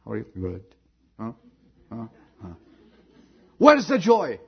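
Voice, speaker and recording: Animated husky male preacher. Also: mid-range voice, slow, dull audio. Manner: animated, shifts from loud exhortation to hushed prayer. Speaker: pastor. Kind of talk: sermon.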